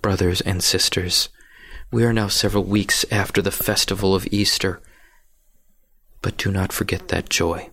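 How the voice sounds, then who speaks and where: Husky, hushed male preacher telling a story. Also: deep voice, level tone, normal speed, dry recording. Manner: hushed, often whispering for drama. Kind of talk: sermon storytelling.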